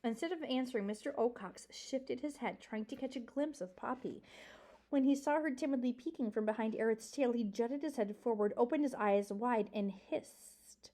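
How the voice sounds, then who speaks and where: A woman's voice: on the high side, moderate pace, mellow. A woman reading a children's novel aloud, expressively, and pointing out the pictures. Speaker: reader.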